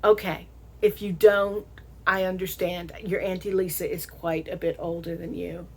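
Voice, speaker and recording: A woman's voice: lowish voice, little pitch movement, gravelly, breathy edge. A middle-aged woman with a Southern American accent, talking casually to her audience as a vlog host, laughing often. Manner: chatty, laughs often, slow drawn-out emphasis. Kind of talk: casual monologue to camera.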